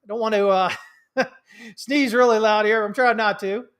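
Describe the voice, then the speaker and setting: A man's voice: high-pitched, fairly even intonation, normal speed, a bit bright, clear, resonant tone. A man hosting a casual trading livestream, rambling with lots of fillers and restarts, a bit stuffy from allergies. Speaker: livestream host, trading mentor. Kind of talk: casual livestream market commentary.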